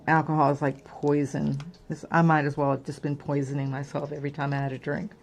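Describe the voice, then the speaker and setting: A middle-aged woman with a low, fairly flat voice talks briskly on her crafting channel. She chats candidly and rambles, filling her speech with lots of fillers in a casual, personal way.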